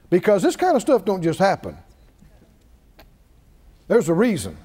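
High-voiced animated male preacher in a hall. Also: normal speed, pauses often, slightly rough. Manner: animated storytelling, acting out voices with big pitch swings. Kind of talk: sermon. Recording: reverberant hall.

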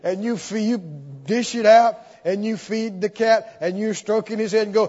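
A man preaching a sermon, telling an animated story and acting out the scenes as he goes. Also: sits high, moderate pace, some chatter behind. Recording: dull sound, long hall reverb.

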